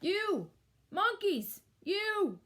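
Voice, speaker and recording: A woman voicing an angry male cap peddler who shouts and scolds in a storybook reading. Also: very high-pitched, big pitch swings, drawn-out words, pitched above the performer's own voice, full character voice. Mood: angry scolding. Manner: shouting, finger-wagging scolding.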